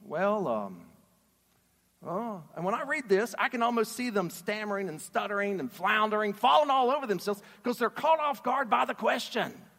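A man preaching a sermon in an animated, emphatic way, putting questions to his audience. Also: high-pitched, a little fast, gravelly, few pauses. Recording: reverberant hall.

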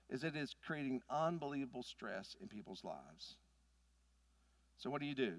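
Animated pastor man, lively pitch. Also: moderate pace, pauses often, no echo, studio quality. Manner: animated, folksy storytelling with big swings in loudness. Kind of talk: sermon.

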